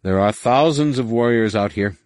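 A man's voice: mid-range voice, normal speed, a little mellow, no echo, natural voice. A man voicing a scheming, nervous alien male commander in an audiobook, with a blustering, anxious delivery.

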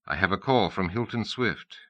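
A man voicing a household AI that speaks in a quiet, compelling, confiding way. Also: on the low side, normal speed, lo-fi sound, lightly acted. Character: smart house AI voice, polite and soft.

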